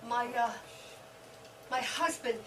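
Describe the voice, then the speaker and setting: Lady playing a giggly older woman, high and slow, far off in an echoey theater. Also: background noise. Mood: pleading. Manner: giggly, breathy excitement. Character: flustered, giggly older widow in love. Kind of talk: stage play acting. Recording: roomy stage sound from far off.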